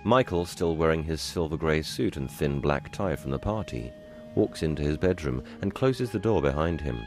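Male audio describer: very low voice, neutral scripted reading, light music beneath. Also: animated, moderate pace.

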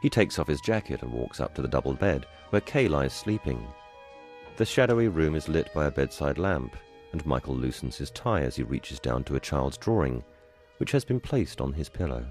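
Very deep-voiced man narrating audio description. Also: sing-song, moderate pace, a little mellow, soft background music.

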